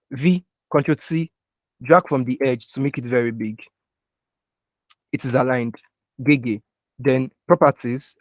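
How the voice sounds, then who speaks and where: Young man teaching software, dry mic. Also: mid-range voice, no room sound. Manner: checks in with students often, steps through keyboard shortcuts. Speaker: design instructor. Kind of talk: live online software tutorial. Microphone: computer mic with keyboard taps heard.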